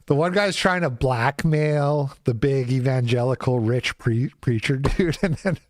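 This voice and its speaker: A man's voice: medium pitch, a little slow, no room sound, studio quality. A man hosting his own show, ranting in casual commentary with a sarcastic edge. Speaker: show host.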